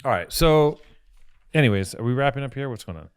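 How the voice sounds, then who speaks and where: A man's voice: mid-range voice, lively intonation, fairly quick, clean tone, dry recording, clean studio sound. A man co-hosting a casual podcast, teasing his guest with crude jokes and rambling through long stories. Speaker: podcast co-host.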